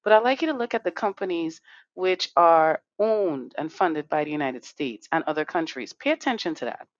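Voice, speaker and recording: A woman's voice: low voice, lively intonation, moderate pace, dry recording. Emphatic woman host, muffled dry sound. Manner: emphatic, swears freely, keeps asking "right?". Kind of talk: live online talk show.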